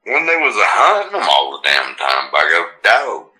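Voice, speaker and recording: A man talking slowly in a casual podcast chat, his deep voice bright and lively as it swings up and down. He speaks in a rural, folksy drawl. The room around him is echoey. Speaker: podcast co-host.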